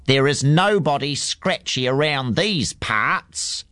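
A man's voice: mid-range voice, expressive, slow pace, bright, forceful tone, no room sound, studio quality, voice pushed up. A man voicing a grumpy old male neighbour who mutters and grumbles crossly. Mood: grumbling.

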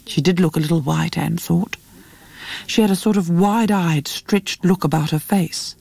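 A woman narrating a novel in a measured, expressive reading. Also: on the low side, gravelly, no echo. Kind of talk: audiobook narration.

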